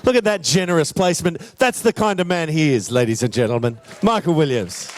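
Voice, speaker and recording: A man's voice: a little high, expressive, fairly quick, background noise. A man hosting a live show, bantering playfully with the audience. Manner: playful, addresses audience, hesitant restarts. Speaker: host and emcee. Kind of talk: live stage emcee banter.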